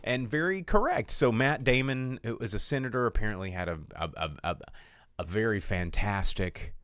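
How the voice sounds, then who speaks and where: A man hosting a podcast, rambling through a crude, animated film review in casual chat. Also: fairly low pitch, normal speed, clear, resonant tone, no echo.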